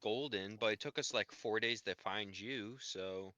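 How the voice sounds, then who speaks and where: A man player at a tabletop game, talking quickly and hesitantly, with restarts. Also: fairly low pitch, lo-fi sound, a crowd in the background. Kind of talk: casual tabletop role-play.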